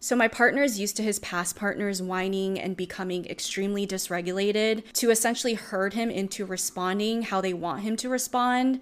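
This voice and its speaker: A young woman coach talking earnestly and expressively in a personal vlog, explaining at length. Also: medium pitch. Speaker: self-empowerment coach.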